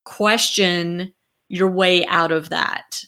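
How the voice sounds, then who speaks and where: A woman's voice: fairly low pitch, fairly even intonation, very slow, pushed and bright. A woman hosting a podcast, speaking in a conversational, reflective way and laughing easily. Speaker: podcast host. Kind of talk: podcast interview.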